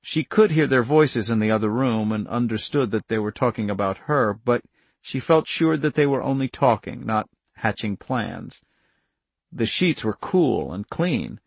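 A man narrating an audiobook in a measured, even storytelling manner. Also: mid-range voice, creaky, husky, no room sound. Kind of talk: scripted narration.

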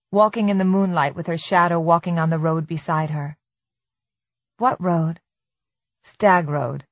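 A woman narrating an audiobook in a measured, tense storytelling manner. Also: lowish voice, dry recording. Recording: slightly dull dry studio recording.

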